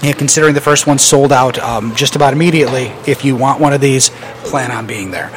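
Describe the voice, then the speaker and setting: A man hosting a podcast runs through the news in a relaxed, rambling way, full of "uh" and "you know". His pitch sits in a middle range. There is a faint hiss of noise behind him. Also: fairly quick. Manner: loose, joking news rundown with many fillers. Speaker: podcast host. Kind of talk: casual podcast chat.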